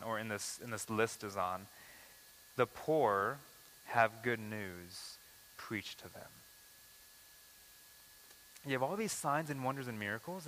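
A man delivers a sermon in a bright, forceful voice, with a long hall reverb trailing each phrase. He keeps it conversational, acting out quoted speech and changing pace often. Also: on the low side, a little hiss or hum. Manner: conversational preaching, acts out quoted lines, uneven pace. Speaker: pastor.

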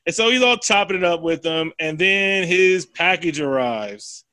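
Bright, animated man retelling a movie. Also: high-pitched, unhurried, no echo. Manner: animated, profane storytelling with acted quotes. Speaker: podcast co-host. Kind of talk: casual chat, retelling a film plot.

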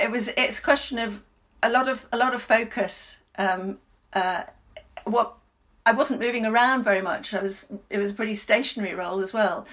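A woman's voice: mid-range voice, a bit bright. Thoughtful woman actress. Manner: thoughtful, halting, many restarts. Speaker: stage actress. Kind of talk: interview answers.

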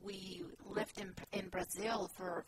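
A woman's voice: medium pitch, little pitch movement, slow. A woman from Peru, an actress guest telling her story in a chatty, rambling way with many fillers in a casual interview. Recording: loud background hiss.

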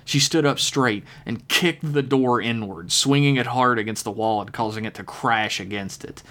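A man reading a dark horror story aloud in a steady, measured narration. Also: medium pitch. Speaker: podcast storyteller.

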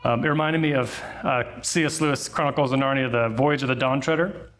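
A man's voice: mid-range voice, steady tone, fairly quick, a bit bright. A man giving a sermon in a conversational way, telling a story with fillers and asides. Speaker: pastor.

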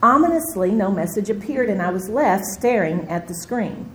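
A middle-aged woman teaching a women's Bible study, telling stories with animated, expressive delivery. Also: medium pitch, normal speed, poor audio. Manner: animated storytelling, acts out her own panic.

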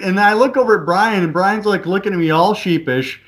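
A man who is a podcast guest, chatting casually and telling animated stories, acting out the voices of other people. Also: high voice, a little fast. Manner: animated storyteller, acts out voices in anecdotes. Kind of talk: casual chat, storytelling.

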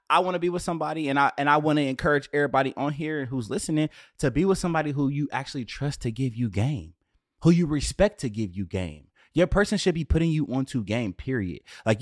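A man in his late twenties talking casually as a podcast host, animated and profane with streetwise slang, in a dry room on camera. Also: mid-range voice, dry recording. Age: 20s. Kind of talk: casual solo rant.

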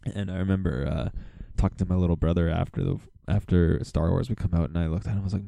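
A man's voice: low-pitched, fairly even intonation, quick pace, creaky, dark tone, no echo. A man hosting his own podcast, telling stories in a rambling, casual way full of fillers. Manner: rambling, filler-heavy storytelling. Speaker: podcast host. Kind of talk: casual solo podcast monologue.

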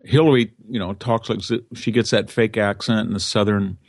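A man's voice: fairly low pitch, steady tone, normal speed. A man, an interview guest, giving political commentary in a conversational way with restarts and quoted asides.

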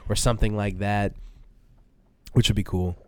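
Man, podcast co-host, low voice, dry close sound, rambling casual chat. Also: fairly even intonation, moderate pace, a little mellow, no room sound. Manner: rambling, thinks aloud with fillers.

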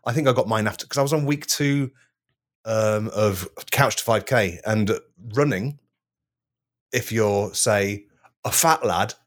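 A man's voice: on the low side, a little slow. A man co-hosting a comedy podcast, telling rambling stories in casual chat and laughing often. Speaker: podcast co-host.

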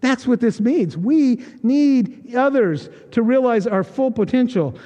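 A man's voice: extremely high pitch, animated, a little slow, mellow, muffled recording. A male pastor preaching a conversational, joking sermon and acting out quoted voices. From United States. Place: church sanctuary. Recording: long reverb of a church hall.

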